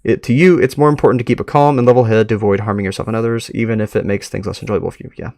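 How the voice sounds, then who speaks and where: A man streaming live, reading an online story aloud and reacting with frequent laughs and excited remarks. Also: on the low side, racing, vocal fry, no echo.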